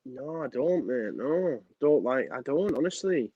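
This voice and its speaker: A man's voice: medium pitch, expressive, measured pace, slightly rough, no room sound. Young male co-host, easygoing and matey, muffled dry sound. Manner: laid-back and matey, laughs often. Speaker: co-host of a football fan channel. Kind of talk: casual chat.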